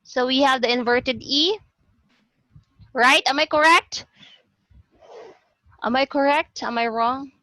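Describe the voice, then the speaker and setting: High, bright Filipino woman teaching. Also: slow pace, pauses often, no echo, rough recording. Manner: drills words by repeating them; mixes English and Cebuano. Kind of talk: online class lecture. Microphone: video call.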